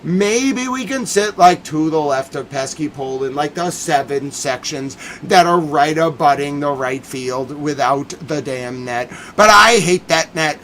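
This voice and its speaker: A man's voice: fairly high pitch, lively intonation, unhurried, hardly any pauses, a little hiss or hum, low-quality recording. A young man ranting in an exasperated, heated way as host of a casual talk stream. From Boston area, United States. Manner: heated, exasperated rant with frequent swearing and shouting.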